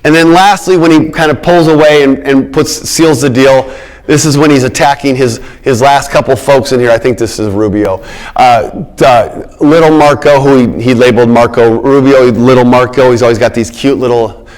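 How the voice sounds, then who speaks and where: A man's voice: mid-range voice, fairly even intonation, moderate pace, darkish tone. A middle-aged man giving a public lecture on politics, emphatic, repeating his key words and checking in with the audience.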